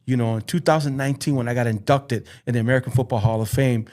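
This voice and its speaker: Earnest, halting man telling his story. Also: mid-range voice, fairly even intonation, a little mellow. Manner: earnest, halting, repeats phrases. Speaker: podcast guest, youth football coach. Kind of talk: emotional personal storytelling.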